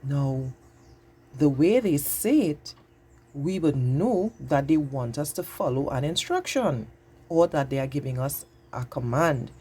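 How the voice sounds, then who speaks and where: A woman teaching a patient, exaggerated grammar lesson to young children, speaking slowly and clearly. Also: low voice, expressive, dark tone.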